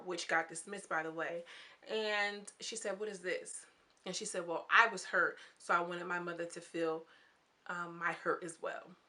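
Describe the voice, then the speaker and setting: A young woman casually recapping a reality show, chatty and candid, often acting out what the people said. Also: bright, forceful tone. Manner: chatty and candid, acting out quoted lines with swings in pitch.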